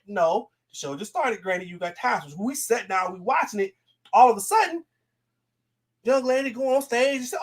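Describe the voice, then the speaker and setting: A podcast co-host in casual chat, telling a story with lively acted-out quotes. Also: mid-range voice, a little fast.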